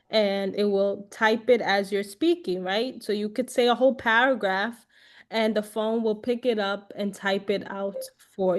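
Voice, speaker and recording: A woman teaching a casual online class on phone features, chatty and loose, with lots of fillers and little check-ins like "right?". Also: mid-range voice. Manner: chatty, repeats herself, many fillers and "right?". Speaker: class instructor.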